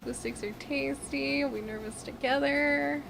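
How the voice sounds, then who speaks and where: A woman's voice: high-pitched, fairly even intonation, measured pace, creaky, over music, poor audio. A woman with a Boston accent chatting casually on a livestream while crafting, rambling with lots of fillers and the odd swear. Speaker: streamer. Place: home room with an air conditioner.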